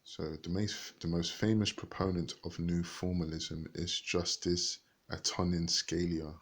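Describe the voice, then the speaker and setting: A man reading a book aloud haltingly, stopping to look up words and rereading passages. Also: low-pitched, little pitch movement. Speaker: reader.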